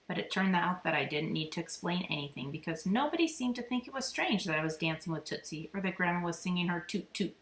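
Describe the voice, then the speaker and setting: A woman reading a children's chapter book aloud in a steady, clear storytelling manner. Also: on the low side. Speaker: reader. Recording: echoey room, faint noise.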